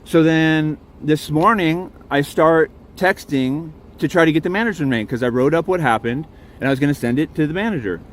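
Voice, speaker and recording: Irate man filming on his phone from his truck, rambling and swearing, voice on the high side. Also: normal speed, a little hiss or hum. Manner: indignant, rambling, swears freely. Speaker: campground guest in a dispute. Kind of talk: agitated recounting to a phone camera.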